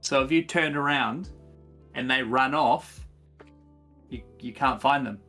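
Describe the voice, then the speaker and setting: A man guest on a gaming podcast, explaining a game in casual chat with halting restarts. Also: medium pitch, sharp tone, soft background music.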